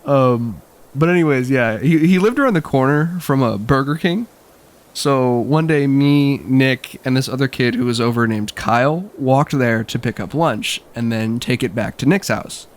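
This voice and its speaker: A man's voice: mid-range voice, moderate pace. A young man telling a childhood story in a wry, casual way, laughing often.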